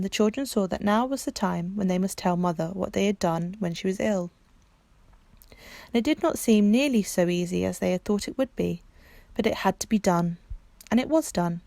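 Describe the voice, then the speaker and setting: A woman hosts a library storytime, reading a children's book in a calm, clear storytelling voice. Her pitch sits in the middle. The sound is dry, with no room echo.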